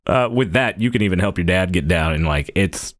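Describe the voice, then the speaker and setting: A man's voice: low-pitched, expressive, a little fast, no echo. A man narrating as game master in a casual tabletop game podcast.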